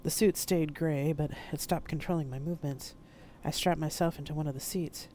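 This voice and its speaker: A woman reading her own novel aloud in steady first-person narration. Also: deep voice, fairly quick, a little hiss or hum. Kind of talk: live-streamed audiobook reading.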